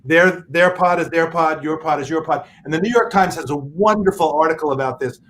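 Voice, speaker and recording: A man telling animated stories and playing a game on a video call, chatty and playful. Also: a little high, a little fast, a little hiss or hum, rough recording. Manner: chatty, playful, acts out quoted voices. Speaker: game night guest.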